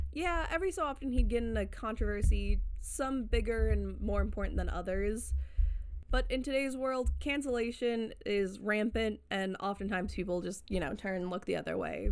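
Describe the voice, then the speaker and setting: A woman narrating a casual commentary video essay, chatty and digressive with playful sarcasm. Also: mid-range voice. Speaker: commentary YouTuber.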